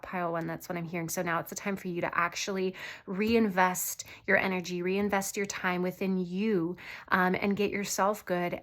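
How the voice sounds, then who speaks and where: A woman's voice: medium pitch, fairly bright tone. A young woman giving a casual tarot reading, chatty and earnest, with many fillers and restarts. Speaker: tarot reader.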